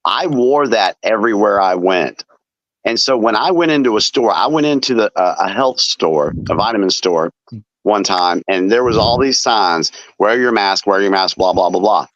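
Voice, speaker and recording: A man hosting a casual chat, telling defiant stories in a relaxed way. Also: on the low side, normal speed, no echo. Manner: relaxed storyteller, defiant anecdotes. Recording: dull lo-fi dry sound.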